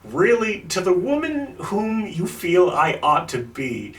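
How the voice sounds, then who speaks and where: A man voicing a prim older woman who gently turns down a suitor, in a raised voice. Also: sits high, very animated, takes it slowly, voice pushed up, heavily acted. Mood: wistful. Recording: roomy sound from a distant mic.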